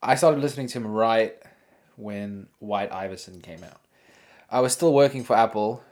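A man's voice: on the low side, moderate pace, darkish tone. A man hosting his own podcast alone, rambling and joking with crude asides. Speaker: podcast host. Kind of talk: casual solo podcast chat.

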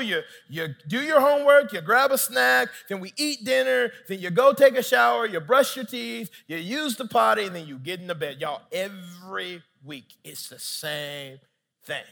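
A man's voice: extremely high pitch, normal speed, creaky, in a large hall. A male pastor in his thirties preaching a sermon, telling funny family stories with asides to the congregation. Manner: animated, humorous storytelling with asides to the congregation.

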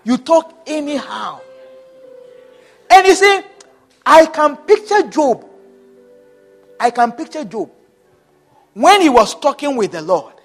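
Man preaching, really high voice, slow and repeats himself a lot, soft music behind. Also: very animated. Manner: repetitive, emphatic exhortation. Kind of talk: sermon.

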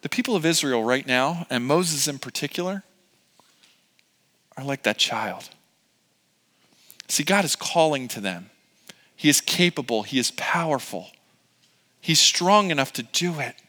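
A middle-aged male pastor gives a sermon in a loose, chatty, joking manner, full of fillers and asides. His voice sits a bit high and sounds bright and forceful. It rings out with the long reverb of a big church hall. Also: animated, unhurried, long pauses. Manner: casual, joking, conversational preaching with many fillers.

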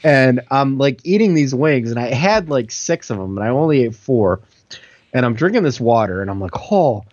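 A man's voice: medium pitch, expressive, normal speed, a little mellow, dry recording, highs cut off. A man co-hosting a podcast, telling a rambling story full of fillers in casual chat. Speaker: podcast co-host.

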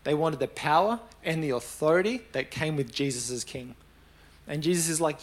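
A young man delivers a sermon in a relaxed, talkative way. His voice sits a little high for a man, and he slips into lively acted voices for the people in his stories. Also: normal speed. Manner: conversational, animated storytelling with acted-out quotes. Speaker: preacher.

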